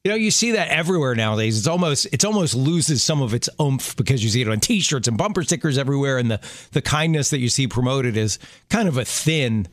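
A man's voice: mid-range voice, lively intonation, a little fast, dry recording, studio quality. A middle-aged man co-hosting a faith radio show in casual chat, easygoing and joking, laughing often. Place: radio studio.

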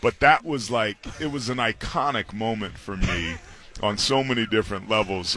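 Animated, bright-voiced former football player guest. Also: male voice, fairly low pitch, moderate pace. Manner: animated storyteller, slips into impressions of coaches. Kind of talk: casual sports talk radio chat. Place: studio on a busy media row.

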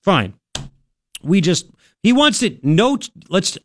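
Higher-pitched radio host guy, sarcastic commentary, bouncy delivery, dry close studio mic. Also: takes it slowly, long pauses, no room sound. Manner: sarcastic, animated, jumps between high and low tones.

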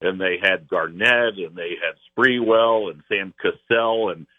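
Man, radio announcer guest, low voice, tinny phone-line sound, relaxed storytelling. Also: unhurried, no echo. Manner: easygoing, storytelling analysis with chuckles. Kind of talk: phone-in sports radio interview.

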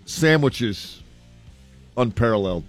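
A man's voice: mid-range voice, lively intonation, takes it slowly, soft background music. A man from Philadelphia co-hosting a radio show, making dry wisecracks. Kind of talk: casual radio chat.

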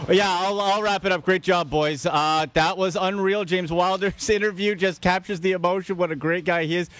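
A man's voice: high voice, steady tone, moderate pace, a bit bright. Man wrapping up a radio show. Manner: laughs between phrases while wrapping up. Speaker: studio host. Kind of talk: radio wrap-up with sponsor reads.

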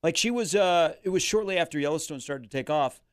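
A man's voice: on the high side, animated, brisk, clean tone, no room sound, studio quality. A man co-hosting a casual radio show chat, telling anecdotes and acting out quotes. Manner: storytelling, acts out quotes.

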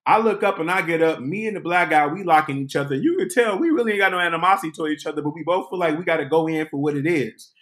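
Man, high voice, comic storyteller, animated, dramatic. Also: quick pace, few pauses. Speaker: podcast host. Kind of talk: comedic storytelling.

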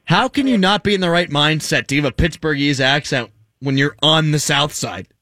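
A man's voice: on the high side, normal speed, bright, forceful tone, no room sound, studio quality. A man hosting a sports talk radio show, pushing his guest with teasing banter.

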